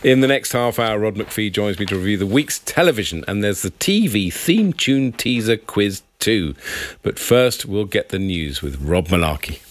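A man's voice: lowish voice, expressive, moderate pace. A man radio presenter in casual chat, making dry jokes. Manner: dry, joking.

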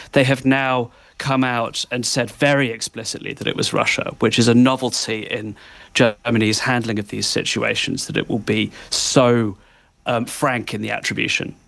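A man speaking as a correspondent on a live radio interview, his voice edged with gravelly fry. He explains events in an articulate, analytical way with small pauses. The sound is dry and close, with no room echo. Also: medium pitch, a bit bright. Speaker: foreign correspondent.

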